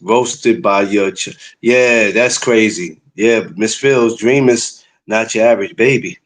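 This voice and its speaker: A man co-hosting a casual chat who reacts with exclamations and loud laughter. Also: fairly low pitch, slow pace.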